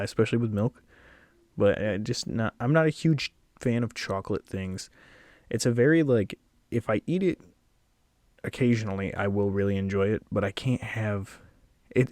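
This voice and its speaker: A man's voice: fairly low pitch, darkish tone, no room sound. A young man chatting casually as he ranks snacks, a little out of breath, rambling with small laughs. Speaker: video creator ranking snacks. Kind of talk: casual tier-list commentary. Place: at home, sitting.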